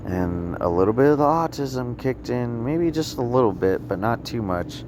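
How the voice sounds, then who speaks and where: A man of middle pitch tells a long personal story in a halting, repetitive way, circling back and trailing off. He records outdoors, with light traffic hum behind him. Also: animated, a little mellow. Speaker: vlogger.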